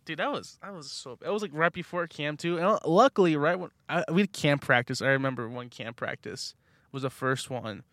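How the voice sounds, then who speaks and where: A young man co-hosting a podcast, animated and laughing often as he tells a story. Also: fairly high pitch, fairly quick, dry recording. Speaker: podcast co-host. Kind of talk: casual chat.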